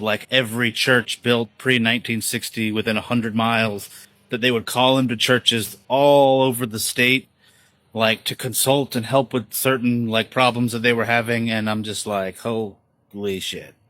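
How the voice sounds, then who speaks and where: Rambling low-voiced man. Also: fairly bright tone, no echo, low-quality recording. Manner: rambling, with many fillers and restarts. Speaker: vlogger documenting his inherited house. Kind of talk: casual home video diary.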